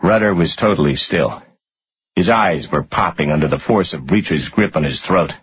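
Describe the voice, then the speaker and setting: A man narrating a thriller audiobook in a dramatic, expressive reading. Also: low-pitched, moderate pace, breathy edge. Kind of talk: scripted narration. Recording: muffled lo-fi audio.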